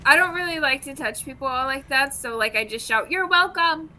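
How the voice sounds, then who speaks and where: A woman with a higher voice and a very bright, sharp tone, co-hosting a podcast. She chats casually and upbeat, and reads the show's announcements. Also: fairly quick, soft background music. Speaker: podcast co-host. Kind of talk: casual chat and show announcements.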